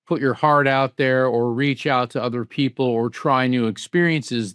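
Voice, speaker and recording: A man speaking as a guest in an interview, answering emphatically with rhetorical questions and lively anecdotes. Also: medium pitch, smooth, dry recording, clean studio sound. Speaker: psychic medium and guest.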